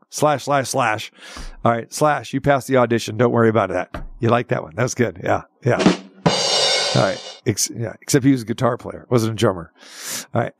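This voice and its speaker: A man's voice: mid-range voice, no echo, studio quality. A man hosting a sports radio show, talking in a casual, jokey, rambling way. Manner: jokey, rambling, switches dialects playfully.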